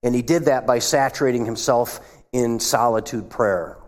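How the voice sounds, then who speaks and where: A man preaching a sermon as pastor, retelling scenes and dropping his voice low for asides. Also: fairly even intonation, moderate pace. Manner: acts out quoted voices, drops to a hush for asides. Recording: long hall reverb.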